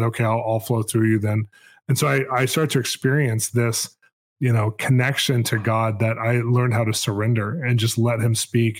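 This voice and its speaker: A man hosting a podcast, sharing his personal faith testimony in an earnest storytelling way with frequent restarts. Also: medium pitch. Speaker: podcast host.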